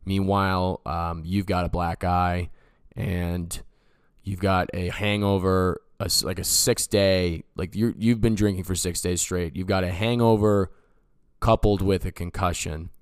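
A man's voice: sits low, fairly even intonation, unhurried, clean tone, no echo, studio quality. A man in his twenties, a podcast host, telling a personal story in a loose, rambling way, full of "like" and "you know". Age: 20s. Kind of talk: casual storytelling.

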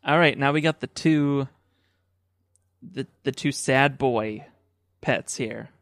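A man's voice: mid-range voice, takes it slowly, fairly bright tone, dry recording, studio quality. A man hosting a casual comedic chat, easygoing and chatty as he runs the segment.

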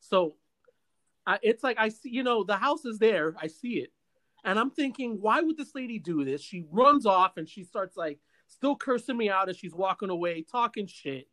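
A man hosting a podcast, telling a long story in a casual, animated way with many stammers and restarts. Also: sits high, moderate pace. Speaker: podcast host.

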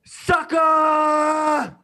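A man's voice: sits high, lively intonation, a bit bright, voice pushed up, exaggerated voice. A man doing a swaggering wrestler promo. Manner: swaggering trash talk, drawn-out delivery. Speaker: fantasy league commissioner. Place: bathroom, door shut. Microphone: video call.

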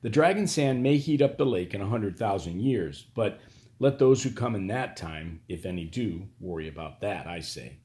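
A man voicing a sly, calm court magician. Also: on the low side, close to an everyday voice. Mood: measured. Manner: calm, measured, quietly theatrical. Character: cunning, calm older male court magician.

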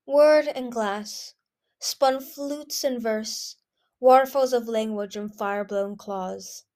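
A woman voicing a strange, dreamy young female dragon who speaks slowly in cryptic, drifting phrases. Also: fairly high pitch, a little mellow.

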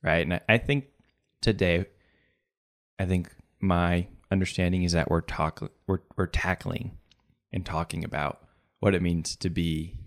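A young man with a deep, low voice talks in a relaxed podcast chat. He thinks out loud, circling back and restarting as he sorts his ideas, with a joking streak. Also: a little slow. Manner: reflective, joking. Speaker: podcast co-host. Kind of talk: casual chat.

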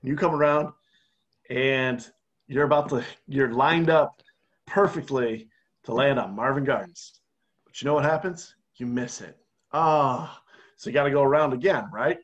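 Male podcast co-host, mid-pitched, animated storyteller in casual chat. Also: unhurried, dull audio. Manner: animated storyteller, walks through a game scenario step by step. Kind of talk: casual conversational explaining.

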